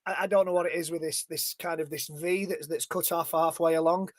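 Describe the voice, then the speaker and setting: Man, panel guest, enthusiastic, self-mocking, high-ish voice, dry sound. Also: fairly even intonation, fairly quick, no echo. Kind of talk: casual panel chat.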